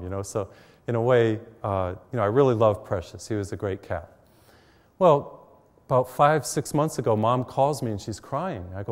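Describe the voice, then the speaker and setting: A man's voice: mid-range voice, normal speed, a little mellow, big-room sound. A middle-aged man, a priest, giving a conversational televised sermon full of personal stories, recorded in a church. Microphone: mic while facing cameras.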